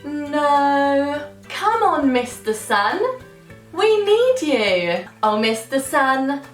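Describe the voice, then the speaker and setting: British female children's presenter, high and drawn-out, sings often; recorded a bit off-mic in a roomy space. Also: sing-song. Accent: British English. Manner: slow, exaggerated, sing-song with frequent singing. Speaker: toddler speech teacher. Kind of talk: sing-song toddler lesson. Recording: roomy, slightly distant mic with faint music.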